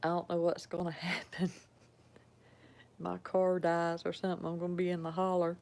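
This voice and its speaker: A woman from Georgia with a Southern drawl hosts a livestream from home at night, chatting casually and folksily with viewers. She speaks slowly, laughs often, and has a lowish, monotone, darkish voice on a low-quality recording.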